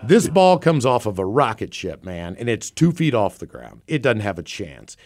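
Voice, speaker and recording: Animated, profane man telling a story. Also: lowish voice, normal speed. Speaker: podcast co-host. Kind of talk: casual storytelling chat.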